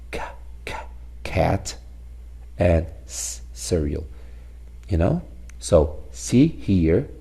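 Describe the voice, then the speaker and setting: Slow, gravelly deep-voiced male teacher. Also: warm tone. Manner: explains slowly, repeats sounds and words. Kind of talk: recorded English phonics lesson.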